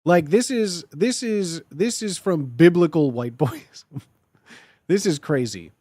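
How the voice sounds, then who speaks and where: Host: man, casual streamer, high lively voice, playful riffs, dry close mic. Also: takes it slowly, no echo. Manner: animated, playful, repeats phrases in put-on tough-guy voices. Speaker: streamer ranking phrases.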